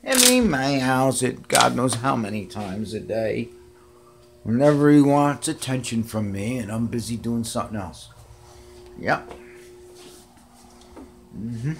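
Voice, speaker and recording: A man films his cats on his phone indoors, cooing at them affectionately in a relaxed home video. He speaks slowly in a mid-range voice with long pauses, against a noisy background.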